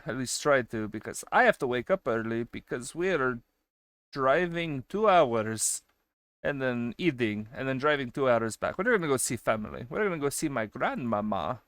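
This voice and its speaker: A man streaming and chatting casually with his viewers. He swings between loud excited bursts and quieter asides, and he swears casually. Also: medium pitch, clean tone, no echo. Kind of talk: casual chat with a live stream chat.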